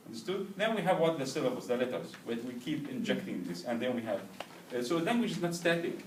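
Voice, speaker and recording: Lecturing his language class fast, a male teacher speaks at medium pitch with big pitch swings. He now and then leads the students in repeating words and checks their understanding throughout. A far camera gives a roomy, distant recording with faint background noise.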